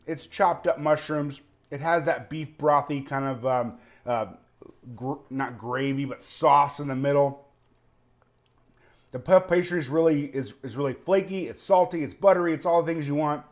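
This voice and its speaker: A man's voice: a little high, moderate pace. Chatty man reviewing food. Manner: chatty, enthusiastic, tasting on camera. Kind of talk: casual product review.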